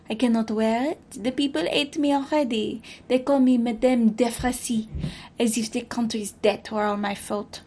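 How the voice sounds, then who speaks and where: A woman voicing a proud, troubled French queen reading from her journal, with a put-on French accent and a dramatic, measured delivery. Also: on the high side, mellow, lightly acted.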